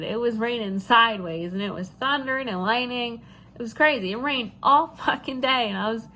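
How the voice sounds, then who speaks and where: A woman's voice: a little high, a bit bright, slight background noise. A woman with a stuffy, nasal voice from allergies, telling stories in a casual vlog, laughing often and swearing. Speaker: vlogger.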